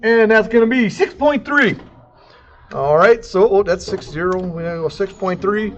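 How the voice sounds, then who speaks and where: A man with a high voice walks through a CAD tutorial in a loose, goofy way, scatting little sound effects between steps. The recording is dull and lo-fi, with a faint hiss underneath. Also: moderate pace. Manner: goofy, jokey, sound effects and silly accents. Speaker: CAD instructor. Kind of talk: casual screen-recorded tutorial.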